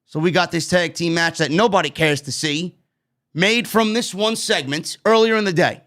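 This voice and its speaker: Talking at a moderate pace in a high, somewhat bright voice, a man from New York casually picks apart a wrestling show. He's blunt and curses freely, exasperated at what bothers him.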